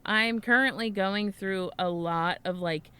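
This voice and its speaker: A woman's voice: mid-range voice, unhurried, bright, forceful tone, clear, resonant tone. A young woman co-hosting a podcast, telling a rambling story in casual chat, swearing freely and laughing often. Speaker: podcast co-host.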